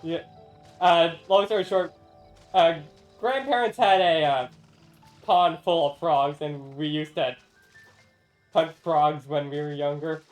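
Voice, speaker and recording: A man's voice: fairly high pitch, steady tone, slow pace, long pauses, faint music behind, rough recording. A man streaming a game, chatting casually with a friend and laughing often between rambling asides. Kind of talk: casual gameplay chat.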